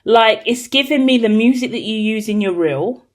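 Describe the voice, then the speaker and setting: A woman giving a collective tarot reading, talking in an excitable, rambling, cheeky way. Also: fairly high pitch, moderate pace. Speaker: tarot reader.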